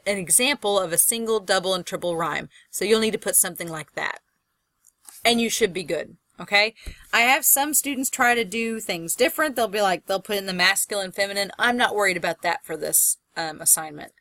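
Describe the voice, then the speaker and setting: A woman's voice: medium pitch, sharp tone, no echo. A woman college instructor talking through a recorded lecture in a conversational way, thinking aloud and stretching out example words.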